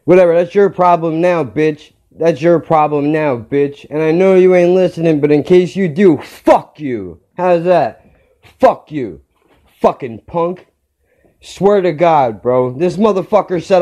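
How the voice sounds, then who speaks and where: Guy venting on his podcast, kinda high voice but mellow tone, swearing nonstop and heated. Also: unhurried. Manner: heated, blunt, swears constantly. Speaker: podcast host. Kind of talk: profane storytelling rant.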